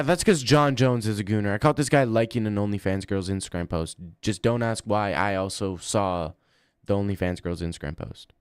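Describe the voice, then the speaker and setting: A man's voice: medium pitch, smooth, no echo, clean studio sound. A man in his thirties streaming, chatting casually and answering chat with crude slangy banter. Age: 30s. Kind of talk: casual livestream chat reading.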